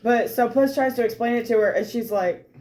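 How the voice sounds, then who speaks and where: A woman co-hosting a podcast, animatedly recapping a tabletop game, laughing often and swearing casually, her voice a little hoarse from laughter. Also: a little high, fairly quick, a little mellow.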